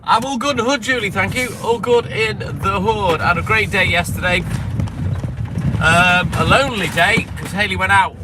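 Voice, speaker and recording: A friendly, chatty milkman streams live from his phone while outdoors by a vehicle on his milk round, rambling casually to viewers. His voice is high-pitched at normal speed, and the noisy outdoor stream picks up street and vehicle noise.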